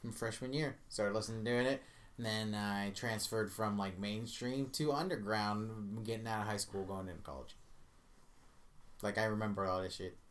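A man's voice: on the low side, normal speed, fairly bright tone. A man co-hosting a casual podcast chat, blunt and matter-of-fact, swearing casually. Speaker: podcast co-host.

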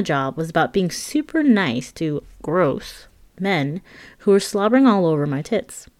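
A woman narrates her memoir in a candid, wry voice that sits a little low for a woman. She tosses in frank asides to the listener. The recording is close and dry. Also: very animated, a little slow, darkish tone, no room sound.

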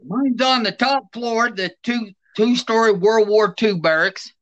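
A man's voice: high-pitched, unhurried, lo-fi sound. A middle-aged man, a retired soldier, telling plainspoken stories in a casual interview. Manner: animated, plainspoken anecdotes with laughs. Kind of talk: casual storytelling.

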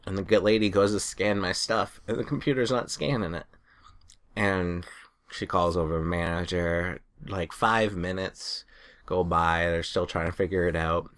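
Bright-voiced man telling rambling stories. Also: deep voice, fairly even intonation, moderate pace. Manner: rambling storyteller, laughs through his own anecdotes. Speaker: podcast co-host. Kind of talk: casual chat.

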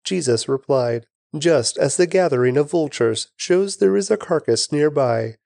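Guy reading bible passages slow and steady, mellow tone, kinda high-ish, dry close mic. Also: creaky, no echo. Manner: measured, deliberate reading with slowed emphasis. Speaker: scripture reader, podcast host.

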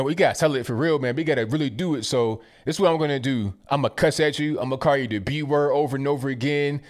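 Guy ranting casually on his stream, sarcastic and mocking, repeats words a lot. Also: medium pitch. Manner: frequent stammered repeats. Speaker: political commentary streamer. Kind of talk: casual commentary.

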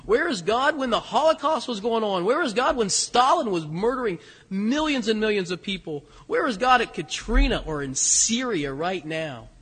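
A man preaching a sermon in an animated way, asking rhetorical questions and acting out the lines he quotes. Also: high-pitched, moderate pace, hardly any pauses, breathy edge. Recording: long hall reverb.

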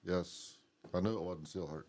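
A man with a very low, dark, mellow voice holds forth in loose late-night podcast chat. He rambles from story to story and swears freely. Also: moderate pace. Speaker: podcast co-host.

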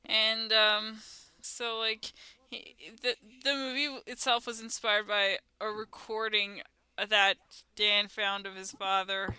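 A woman's voice: mid-range voice, little pitch movement, takes it slowly, bright, forceful tone, smooth, dry recording. A woman co-hosting a podcast in casual chat, rambling with lots of "like" and "um" and restarting her sentences. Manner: rambling, filler-heavy, many restarts. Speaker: podcast co-host.

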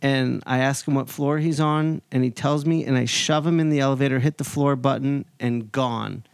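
A man's voice: mid-range voice, moderate pace, gravelly, clear, resonant tone, no echo, studio quality. A man in his forties hosting a podcast, chatting casually and acting out other people's lines while he tells a story. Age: 40s. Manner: animated anecdote-telling, acts out other people's lines. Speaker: podcast host.

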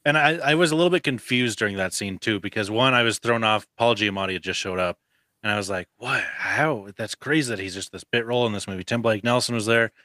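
A man co-hosting a movie review podcast, talking in a matter-of-fact, dry way. His voice sits a little low but has a bright edge. The sound is close and dry. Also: quick pace, no room sound. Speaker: podcast co-host. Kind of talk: casual movie-review chat.

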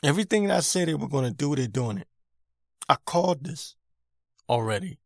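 A man's voice: fairly high pitch, expressive, brisk, creaky, no echo, clean studio sound. A man hosting his own podcast, giving an irritated, emphatic opinion rant and repeating his points for emphasis. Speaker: podcast host.

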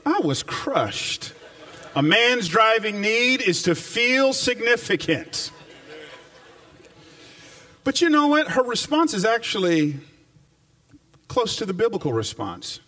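A male pastor preaches to a congregation in a church, his fairly high voice rising and falling in wide, lively swings. He slows down and repeats key phrases for emphasis, and the sound is caught from some distance off the mic. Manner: animated preaching with slow emphatic repetition. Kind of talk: sermon. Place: church before a live congregation.

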